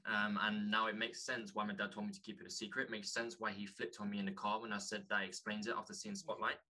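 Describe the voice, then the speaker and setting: Earnest man, bright voice. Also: on the low side, flat delivery. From London, England. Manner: earnest, halting, restarts often. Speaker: podcast guest, author. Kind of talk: candid conversation.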